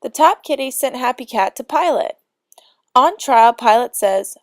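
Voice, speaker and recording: A woman's voice: a little high, a little slow, no echo, studio quality. A woman narrating a comic storybook in mock-solemn lolcat speak.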